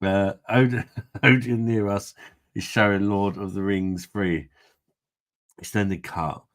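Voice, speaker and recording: Speaking slowly in a lowish, fairly even voice with a bit of brightness, a livestream host works through viewer comments. He's tipsy from beer, rambling and joking, with frequent laughter.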